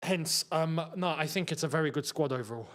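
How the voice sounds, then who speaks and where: Male streamer, fairly high voice, loose live football commentary with exasperated repeats. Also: brisk, fairly bright tone. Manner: frustrated outbursts, repeats himself. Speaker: football watchalong host. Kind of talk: live casual commentary while reading chat.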